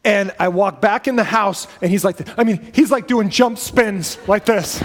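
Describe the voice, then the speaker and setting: A man's voice: high voice, normal speed, hardly any pauses. A man, a pastor, preaching a sermon in a loose, conversational storytelling way, with asides and self-corrections. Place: church sanctuary. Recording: long reverb of a church hall.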